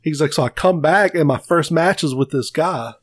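With a slightly high voice and moderate pace, a man co-hosting a laid-back podcast swears his way through storytelling, acting out quotes with different voices. The sound is dry and studio-clean.

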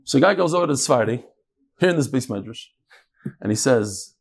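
A man teaching a Talmud class live, lively and joking, with Hebrew and Yiddish terms all through his talk. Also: mid-range voice, fairly quick, creaky, pauses often, slightly rough. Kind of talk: daf lesson to a live class.

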